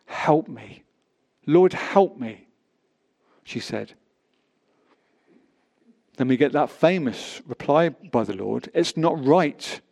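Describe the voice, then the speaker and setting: A man's voice: medium pitch, gravelly, a little mellow. A man preaching a sermon, reading scripture aloud with emphatic rises and drops.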